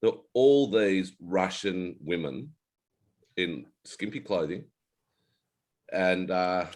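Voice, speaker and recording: Deep-voiced Australian man, blunt storyteller. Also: slow pace. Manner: relaxed storyteller, blunt, swears freely. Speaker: podcast host, ex-Navy. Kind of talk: casual chat.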